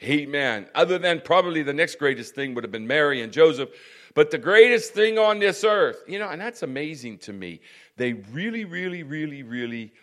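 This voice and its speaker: A man with a medium-pitched voice preaches a sermon, slipping "praise God" and "amen" between his points and building to loud, emphatic stretches.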